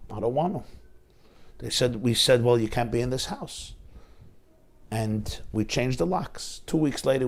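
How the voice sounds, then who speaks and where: Gravelly rabbi telling a moving story. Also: male voice, mid-range voice, darkish tone. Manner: dramatic, retells dialogue with rising intensity. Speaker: rabbi lecturer. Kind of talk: emotional sermon storytelling.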